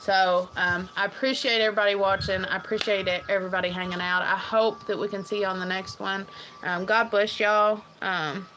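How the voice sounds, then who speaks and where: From her farm home, a woman hosts her own livestream, talking casually in a rambling, earnest way full of ums and restarts, and at times she becomes tearful. Her medium-pitched voice is brisk with fairly even intonation, and background noise is present.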